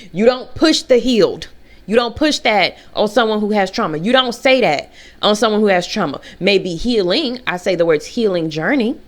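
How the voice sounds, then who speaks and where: A young woman vlogging, telling a personal story in a casual, animated way and jumping into high, mocking voices.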